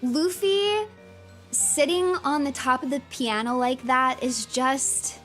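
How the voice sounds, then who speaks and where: A fairly high-voiced woman gives excitable livestream commentary, gushing and laughing as she talks, with plenty of "like" and "um". Soft music plays quietly behind her. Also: slow. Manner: excitable and gushing, laughs often, many fillers. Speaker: streamer.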